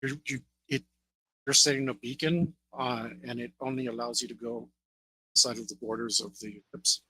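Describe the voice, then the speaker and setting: A man running a tabletop role-playing game, describing scenes in a loose, unhurried way with many fillers. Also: mid-range voice, steady tone, sharp tone, husky, rough recording. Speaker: game master.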